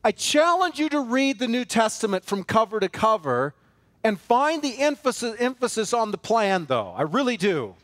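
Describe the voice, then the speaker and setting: A man's voice: sits high, big pitch swings, moderate pace, fairly bright tone, no room sound. A man preaching a sermon as pastor of a church, earnest and emphatic, building force through repeated phrases and rhetorical questions. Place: church sanctuary.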